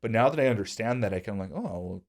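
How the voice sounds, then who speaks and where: Fast-talking low-voiced man, earnest. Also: darkish tone. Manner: earnest, reflective storytelling about his own past. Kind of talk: casual podcast conversation.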